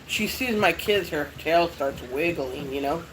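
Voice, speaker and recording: A woman's voice: low-pitched, a little slow, noisy background. A middle-aged mother chatting casually to her viewers, rambling and swearing often. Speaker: vlogger. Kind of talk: casual chat.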